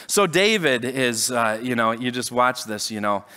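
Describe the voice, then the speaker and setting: A man preaching a sermon as pastor, conversational and animated, with frequent restarts and acted-out quotes. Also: mid-range voice, unhurried, smooth, in a large hall. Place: church sanctuary.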